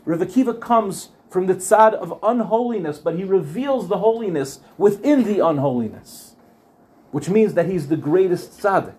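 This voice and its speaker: A man's voice: high-pitched, expressive, moderate pace, mellow. A man teaching a Torah class, telling the story earnestly and repeating phrases for emphasis.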